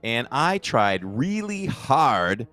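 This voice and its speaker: A man co-hosting a casual podcast, animated and rambling, his voice jumping up when he gets excited. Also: mid-range voice, drawn-out words, soft background music. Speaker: podcast co-host.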